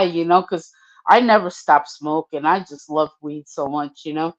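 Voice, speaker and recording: An older woman telling a personal story casually, profane and animated, acting out the voices in it. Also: on the low side, normal speed, muffled recording. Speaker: storyteller guest.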